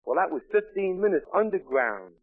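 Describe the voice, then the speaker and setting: A man, gruff and wisecracking, telling his own story as a speaker at a recovery meeting. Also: high-pitched, very animated, normal speed, no echo. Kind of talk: storytelling talk to an audience. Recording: tinny, dry, phone-like old recording.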